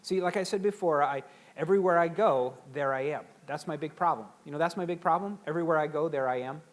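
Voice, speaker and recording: A middle-aged man giving a motivational seminar talk to a live audience, animated and acting out quoted voices. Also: a little high, quick pace. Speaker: seminar speaker.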